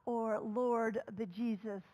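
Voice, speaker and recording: A woman minister delivers a storytelling sermon in a somewhat high voice. She talks conversationally, with fillers and asides. Her level swings from loud calls down to soft near-whispers. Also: fairly even intonation, slow, poor audio.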